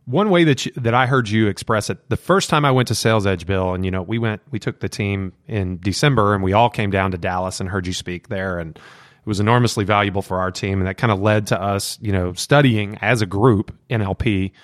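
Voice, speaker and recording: A man's voice: fairly low pitch, brisk, no room sound, clean studio sound. A man hosting a casual conversation, affable and agreeable as he recounts a training event. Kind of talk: casual chat.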